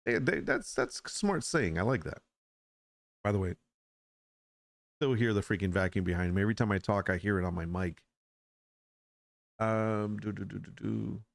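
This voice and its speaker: A man's voice: fairly low pitch, normal speed, long pauses, no room sound. A middle-aged man hosting a casual solo podcast chat, rambling and frank, often repeating words as he restarts a thought. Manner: frank, opinionated. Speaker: podcast host.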